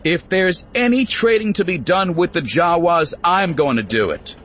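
A man's voice: mid-range voice, sing-song, a little slow, slight background noise. A man voicing a tough, stern woman who runs a frontier store, speaking in a raised, commanding voice.

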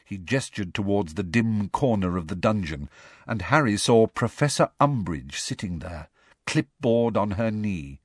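A man reading a novel aloud in steady, measured narration. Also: lowish voice, slightly rough, dry recording, clean studio sound. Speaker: audiobook reader. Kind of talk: scripted narration.

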